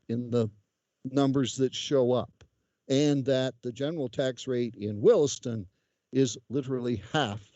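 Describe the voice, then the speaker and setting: A man giving public comment at a budget hearing, speaking slowly and deliberately. His voice is warm and mellow. The call audio is dry and muffled. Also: mid-range voice, dry recording.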